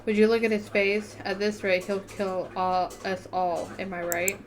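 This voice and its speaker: A woman's voice: mid-range voice, steady tone, measured pace, lightly acted. A woman reading the lines of a group of taunting teenage schoolboy bullies in a story game, mocking and jeering. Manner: mocking and jeering, read plainly.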